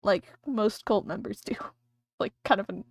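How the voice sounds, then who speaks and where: A woman's voice: mid-range voice, moderate pace, gravelly, slightly rough, no room sound. Chatty woman streamer, dry sound. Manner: chatty, rambling, thinking aloud. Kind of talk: casual livestream chat while drawing.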